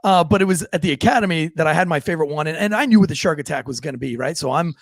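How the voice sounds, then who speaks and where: A man with a gravelly, somewhat higher voice tells a story, talking fast. He acts out the people in his story with animation. The sound is dry and close. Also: no echo. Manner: animated storyteller, acts out shouting drill sergeants. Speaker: podcast co-host, police officer. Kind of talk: casual chat, storytelling.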